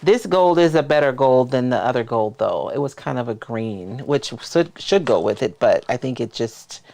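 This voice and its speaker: A man's voice: medium pitch, expressive, normal speed, vocal fry, darkish tone. A man hosting a casual crafting livestream, explaining his plans as he works and thinking aloud. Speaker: crafter and host.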